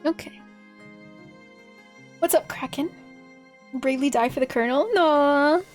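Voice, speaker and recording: A woman's voice: high-pitched, a little slow, soft background music. A young woman streaming a game, reading its text aloud and chatting playfully with a giggly manner. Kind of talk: casual game stream commentary.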